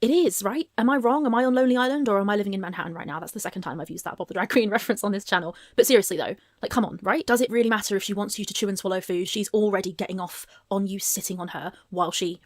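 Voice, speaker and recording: A woman's voice: medium pitch, rapid-fire, few pauses, no room sound, studio quality. A woman giving blunt, sarcastic commentary on a clip, swearing freely. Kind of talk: casual commentary.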